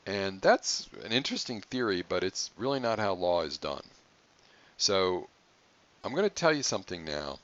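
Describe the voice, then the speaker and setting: A man with a very low, deep voice talks through an online college lecture. He keeps it conversational, drops in wry asides and hammers home key points by repeating them. The recording is slightly dull and lo-fi. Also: sing-song, moderate pace, a bit bright. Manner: conversational, joking asides, emphatic repetition. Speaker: college instructor.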